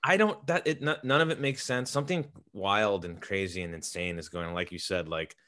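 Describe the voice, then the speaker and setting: Bright-voiced man, stammering a little. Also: deep voice, a little fast. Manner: stammering, laughs along often. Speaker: podcast co-host. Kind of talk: casual sports chat.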